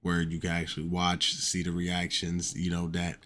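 Deep-voiced man hosting a casual podcast. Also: monotone, moderate pace, fairly bright tone. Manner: loose, rambling, says "you know" often. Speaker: podcast host. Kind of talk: casual solo podcast talk.

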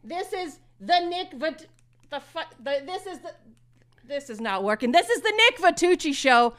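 A woman putting on a blustering male poker show host who circles back on every sentence and keeps plugging his sponsor. The voice sits high and sounds bright and pointed, a comedic impression of a self-important showman. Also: very animated, moderate pace, heavily acted. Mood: rambling bluster. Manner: rambling, repetitive, mock sponsor plugs.

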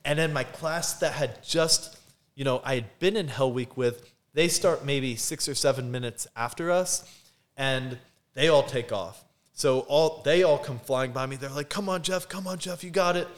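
A man's voice: medium pitch, measured pace. A man, a podcast guest, telling a personal story in casual chat, acting out what people said and laughing often. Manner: animated, acts out quotes, laughs often.

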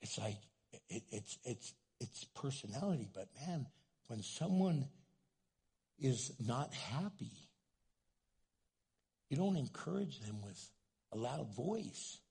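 Older guy preacher, gravelly and raspy, gets loud and excited. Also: medium pitch, slow pace, long pauses. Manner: loud, animated preaching with acted-out quotes. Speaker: pastor. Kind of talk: sermon.

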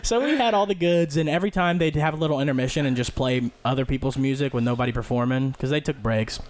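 A young man on a podcast casually telling a rambling, profane story and loudly acting out the people in it. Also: mid-range voice, fast. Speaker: podcast co-host.

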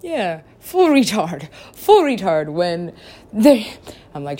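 A woman's voice: very animated, a little slow, a little mellow. Giggly, swearing woman telling rambling stories. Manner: giggly, swears a lot, acts out her own quotes with big pitch swings. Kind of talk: rambling casual storytelling.

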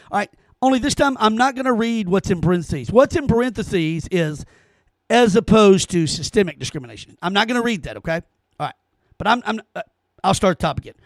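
On his own commentary podcast, a man with a fairly high voice rants with heat and sarcasm, stammering over repeated words. The sound is close and dry, without any room echo.

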